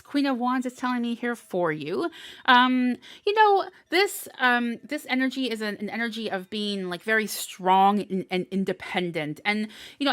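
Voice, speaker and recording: A woman's voice: fairly high pitch, fairly bright tone, dry recording. A young adult woman giving a live-streamed tarot horoscope reading, bubbly and encouraging, with frequent laughs, fillers and restarts. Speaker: tarot reader.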